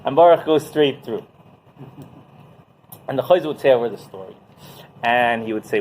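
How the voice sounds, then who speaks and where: Animated rabbi telling stories. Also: male voice, medium pitch, normal speed, pauses often, slight background noise, low-quality recording. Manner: animated, keeps asking "right?". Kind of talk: Torah class storytelling.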